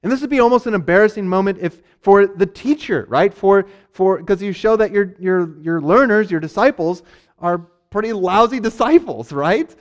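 High-voiced man preaching conversationally. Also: lively intonation. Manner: conversational, acts out characters in quick asides; frequent fillers and restarts, laughs lightly. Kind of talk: sermon, teaching on a Bible passage.

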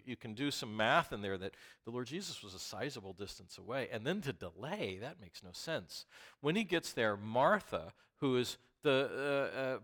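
A man preaching a sermon who is also an ER doctor. He swings between hushed asides and loud, emphatic bursts. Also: medium pitch.

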